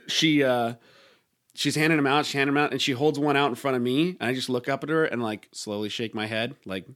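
A man in casual podcast chat, spinning a long anecdote in an easygoing, rambling way. His voice sits at an ordinary middle pitch, and he peppers his talk with fillers and chuckles. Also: fairly bright tone. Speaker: podcast co-host.

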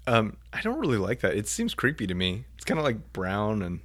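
A young man co-hosting a casual podcast. He speaks in a relaxed, understated way and delivers his jokes dryly. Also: on the low side, brisk. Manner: dry, understated, laid-back. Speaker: podcast co-host.

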